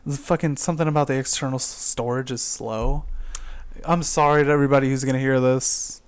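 A man's voice: medium pitch, steady tone, a little fast, clean tone. A young man hosting a podcast, telling a heated story full of cursing. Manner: profane, heated retelling with loud quoted outbursts. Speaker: podcast host. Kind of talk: casual chat, storytelling. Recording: poor laptop recording.

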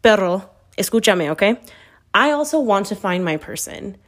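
A woman's voice: mid-range voice, big pitch swings, normal speed. A woman in her thirties telling candid dating stories in a brash, profane, blunt way, acting out her own past words. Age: 30s. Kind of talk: candid storytelling chat.

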